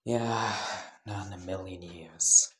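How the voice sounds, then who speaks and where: A man's voice: low-pitched, takes it slowly, a bit bright. A man whispering as a weary young hitman. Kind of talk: whispered role-play.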